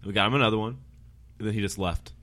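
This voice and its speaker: A man's voice: lowish voice, fast, a bit bright. A man casually telling a profane story about a regular customer at the bar he works at. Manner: loose, profane storyteller who quotes people. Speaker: podcast co-host, bartender.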